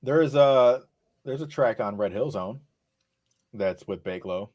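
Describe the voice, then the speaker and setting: A man talking as the guest on a casual podcast interview, laid-back and relaxed, swearing now and then as he talks. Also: mid-range voice, slow pace, no room sound, clean studio sound. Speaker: rapper guest.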